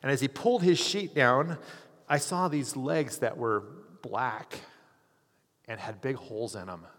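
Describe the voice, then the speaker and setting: A man's voice: medium pitch, unhurried, fairly bright tone. A male chaplain preaching, his voice sitting in a middle register. He tells a story earnestly, voicing the people he quotes. The sound carries a long reverb from a large hall. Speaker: hospital chaplain. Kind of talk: sermon storytelling.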